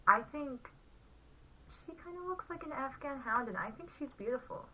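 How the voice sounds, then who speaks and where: A woman chatting casually as co-host, teasing her partner and laughing often. Her voice is bright and bouncy, swinging widely up and down in pitch. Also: animated, moderate pace, recorded from a distance, a little hiss or hum, poor audio. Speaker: podcast co-host. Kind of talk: casual chat.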